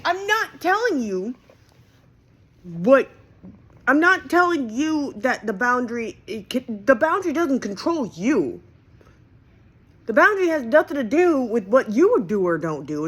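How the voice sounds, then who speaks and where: A female vlogger with a fairly bright, husky voice vents to her viewers in a heated monologue. She is profane and emphatic, and her pitch swings suddenly.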